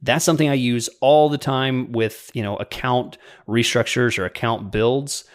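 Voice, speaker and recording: A man co-hosting a podcast, chatting casually and explaining software tips step by step, quick to laugh. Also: mid-range voice, fairly even intonation. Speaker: podcast co-host.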